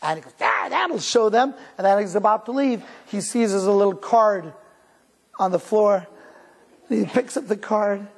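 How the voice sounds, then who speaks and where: A man's voice: high voice, normal speed. A man from Cleveland, Ohio, giving a live talk as a rabbi, telling stories conversationally, restarting sentences and chuckling along with the audience. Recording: long hall reverb.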